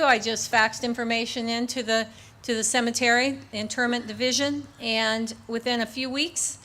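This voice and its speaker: An older woman giving a keynote speech at an outdoor memorial ceremony in a park. She speaks earnestly and in a measured way, reading parts from her book with a few small restarts. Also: a little high, pushed and bright. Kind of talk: public speech partly read from her book.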